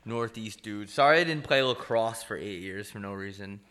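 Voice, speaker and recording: Bright-voiced young man ranting. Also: lowish voice, moderate pace. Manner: ranting, profane, mocking, swings loud. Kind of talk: casual comedic banter.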